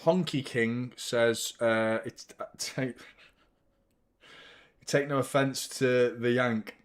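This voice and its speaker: A young British man hosts a football fan channel, doing a live watchalong where he banters loosely with viewers, swears now and then, and fires off quick match commentary. His middle-pitched voice is smooth with fairly even intonation.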